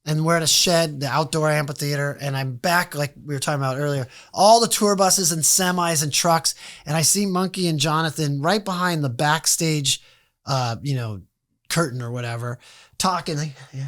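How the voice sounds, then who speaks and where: A slightly high-voiced man spins his stories as a podcast guest, throwing himself into every quoted line. The sound is dry and close, with no room around it. His talk is loose and casual, salted with swearing. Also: normal speed, dry recording. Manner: animated storyteller who acts out quoted dialogue. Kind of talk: casual storytelling interview.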